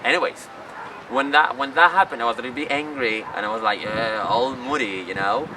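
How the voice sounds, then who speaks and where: A brisk, medium-pitched man from Chile chats to camera outdoors in a city, his story picked up by a faraway mic amid loud street noise. Spanish is his first language, and this tourist guide and job applicant rambles with non-native phrasing.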